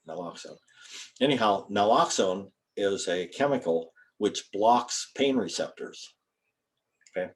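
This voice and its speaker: A man's voice: on the low side, animated, moderate pace. An older man, a chiropractor, giving an informal lecture to students in a folksy, rambling way and spelling out terms. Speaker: guest speaker, chiropractor.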